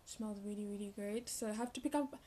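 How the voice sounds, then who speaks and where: A young woman telling a rambling, animated story in a casual vlog, full of fillers and restarts. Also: medium pitch, fast talker. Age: young adult. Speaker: vlogger.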